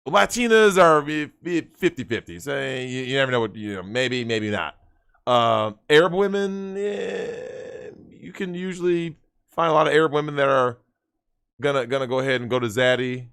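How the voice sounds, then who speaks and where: A man ranting loudly as a guest in crude livestream banter, brash and exaggerated. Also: mid-range voice, moderate pace, creaky, smooth. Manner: loud, brash, exaggerated rants. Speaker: podcast guest.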